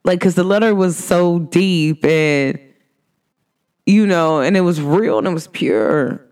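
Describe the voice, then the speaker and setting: A woman's voice: fairly low pitch, slow pace, a little mellow, clean tone. A woman from Cincinnati hosting a podcast, talking to her listeners in a casual, slangy way, laughing often and acting out what people said. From Cincinnati, USA. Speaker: podcast host.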